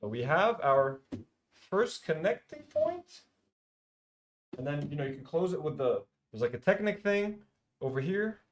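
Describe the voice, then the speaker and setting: A man with a high voice and lively, swooping pitch talks through a live stream. His chat is casual and unpolished, and he swears freely as he thinks aloud. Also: a little slow, long pauses.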